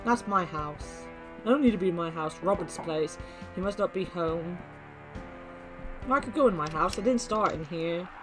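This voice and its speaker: A woman's voice: lowish voice, lively intonation, moderate pace, music in the background, rough recording. A woman streaming a horror game, reading its dialogue aloud and making offhand remarks in casual commentary.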